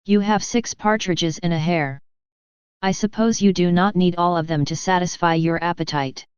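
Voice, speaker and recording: A woman reading the lines of a frank, hearty widowed farmer in even storybook dialogue. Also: on the low side, moderate pace, smooth, no echo, lightly acted. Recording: slightly dull, dry recording.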